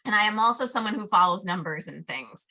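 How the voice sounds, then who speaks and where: Bright-voiced woman telling a story. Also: medium pitch, brisk. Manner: animated, laughing, acts out her inner voices. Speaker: podcast guest, life coach. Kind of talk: casual storytelling chat.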